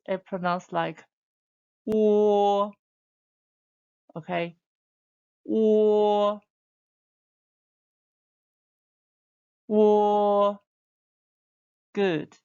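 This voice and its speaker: A woman teaching a beginner Chinese lesson, modelling sounds slowly for learners to repeat. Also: on the low side, vocal fry, dull audio. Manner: slow, drawn-out demonstration sounds for repeating. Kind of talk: online language lesson.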